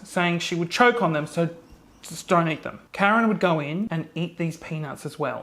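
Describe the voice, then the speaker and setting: A woman's voice: lowish voice, a bit bright. A young woman reading funny viewer stories aloud in a casual comedic vlog, swearing often and laughing as she goes.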